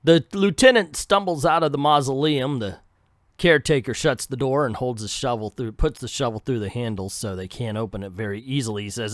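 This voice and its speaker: A man's voice: on the low side, fairly quick, dry recording, studio quality. A man who reviews comic books, retelling a story in a casual recap with joking asides.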